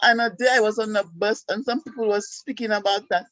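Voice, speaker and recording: A woman from Saint Lucia with a Saint Lucian accent, calling in and telling her story in an excited, chatty way with lots of fillers. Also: medium pitch, brisk, no room sound, poor audio. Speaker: caller. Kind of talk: casual call-in chat.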